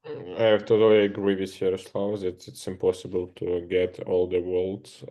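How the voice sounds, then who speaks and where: A man who is a language student, giving a plain, unhurried answer in class. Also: low voice, monotone, warm tone.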